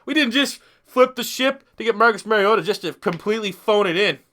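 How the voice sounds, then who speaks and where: Tipsy guy streaming a football game, high voice, swears a lot, rambles on. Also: animated, a little fast, a bit bright. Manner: rambling, profane and joking. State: a little tipsy from beer. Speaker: gaming YouTuber streaming. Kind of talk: casual live-stream commentary.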